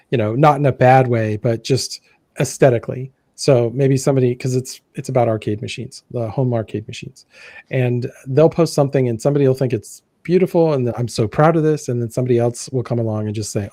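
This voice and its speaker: Mellow-voiced man rambling on a live show. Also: medium pitch, no echo. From United States. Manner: rambling, self-correcting. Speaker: livestream host. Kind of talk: casual panel chat.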